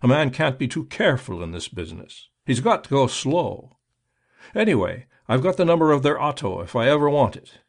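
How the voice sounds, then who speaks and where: A man voicing a slow-witted, nervous male night watchman who mutters in rough, ungrammatical speech. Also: medium pitch, sing-song, pitched above the performer's own voice. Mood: flustered relief.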